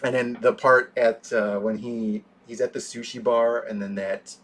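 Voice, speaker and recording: A man co-hosting a casual movie review chat, animated, often acting out scenes in quoted voices. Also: medium pitch, unhurried. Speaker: podcast co-host.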